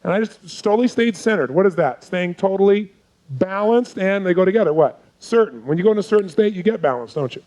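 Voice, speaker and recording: Male seminar coach, slightly high pitch, intense, keeps quizzing the audience with rhetorical questions. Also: expressive, brisk, darkish tone, low-quality recording. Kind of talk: live seminar teaching.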